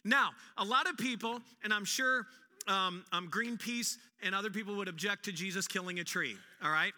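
Animated, bright-voiced male preacher. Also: high-pitched, normal speed, in a large hall. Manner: animated storyteller, acts out quotes with humor. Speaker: pastor. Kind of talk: sermon.

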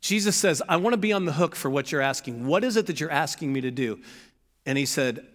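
A man preaching a sermon as pastor, animated, acting out shouted pleas from the story. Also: on the high side, fast, big-room sound.

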